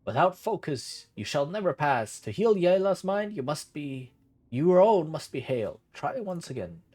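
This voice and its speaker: A man's voice: a little high, big pitch swings, moderate pace, a little mellow. A man voicing an eccentric old male gnome uncle who talks in an archaic folksy way. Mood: gruff. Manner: archaic folksy speech with ye and aye.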